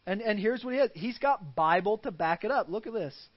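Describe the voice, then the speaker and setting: A man's voice: sits high, lively intonation, fairly quick, hardly any pauses. Male pastor, sermon, earnest, rhetorical questions, dull lo-fi recording.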